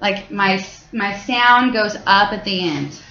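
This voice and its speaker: A woman's voice: mid-range voice, expressive, takes it slowly, bright, forceful tone. A woman teacher explaining grammar to her class in a casual, chatty way, full of fillers and restarts. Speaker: French teacher. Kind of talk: classroom lesson. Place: high school classroom. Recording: echoey classroom, dull lo-fi sound.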